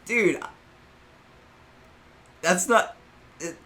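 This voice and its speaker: A man co-hosting a podcast, telling a story in a loud, profane, animated way and laughing often. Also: high voice, very slow, reverberant. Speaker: podcast co-host. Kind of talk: casual storytelling chat.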